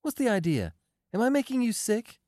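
A brisk, teasing young woman, as a male reader puts her on, with a raised, lively voice that is quick and demanding. Recorded dry and close, like an audiobook read. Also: extremely high pitch, no echo, voice pushed up, full character voice. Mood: pert. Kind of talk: audiobook character voice.

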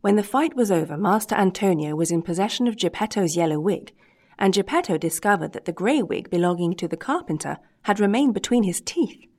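A woman's voice: mid-range voice, lively intonation, brisk, a little mellow. Woman reading a storybook aloud. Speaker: audiobook reader. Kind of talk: storybook narration.

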